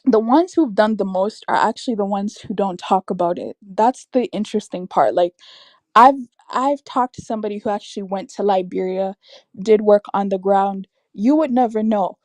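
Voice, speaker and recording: A woman's voice: mid-range voice, moderate pace, darkish tone, no echo. A young woman talks on her livestream in a casual, exasperated rant, leaning hard on her points and dropping "like" into nearly every sentence. Her voice sits in a middle range for a woman. The sound is dry and close, with no room in it. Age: young adult. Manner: exasperated, emphatic, frequent "like" and laughs. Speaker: livestream host. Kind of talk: casual opinion rant on a stream.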